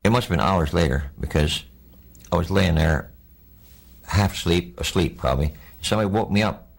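An older man, a war veteran, recounting his memories in a plainspoken, halting oral-history interview. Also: low-pitched, vocal fry, breathy edge.

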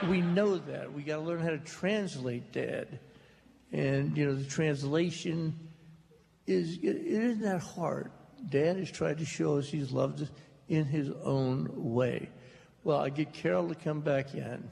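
An older man telling stories slowly and jokingly to a live audience in a hall. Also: a little high, vocal fry, a little mellow. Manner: slow, drawling, joking storyteller. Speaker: author on a talk stage. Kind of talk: storytelling at a public talk. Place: large hall before an audience. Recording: reverberant hall with faint noise.

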